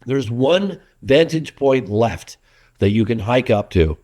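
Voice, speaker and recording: A documentary filmmaker in middle age takes his time, speaking at a medium pitch during a casual interview. His storytelling is animated, full of restarts and acted-out quotations.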